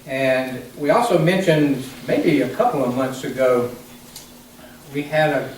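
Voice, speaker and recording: A man calmly laying out business prospects and deals in a formal meeting, explaining each item step by step. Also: mid-range voice, a little slow. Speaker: development staff presenting prospects. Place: large meeting room. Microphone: distant room mic. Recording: echoey room from far off, faint noise.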